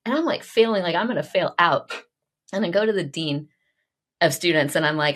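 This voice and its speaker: A woman in her forties from Oklahoma, hosting a podcast in an effusive, animated, chatty way with frequent laughter. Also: on the low side, a little fast. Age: 40s. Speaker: podcast host. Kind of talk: casual interview chat.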